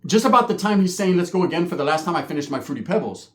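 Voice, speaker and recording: A man's voice: fairly high pitch, sing-song, rapid-fire, reverberant. A middle-aged man telling a story in casual street slang, with lots of cursing and a habit of asking "right?". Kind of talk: casual storytelling with acted quotes.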